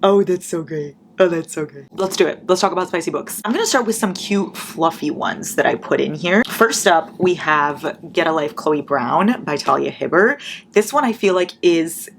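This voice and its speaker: A woman's voice: fairly low pitch, expressive, normal speed, creaky, slight background noise. A young woman in her twenties chatting casually about books, gushing and swearing freely. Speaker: book vlogger. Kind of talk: casual chat.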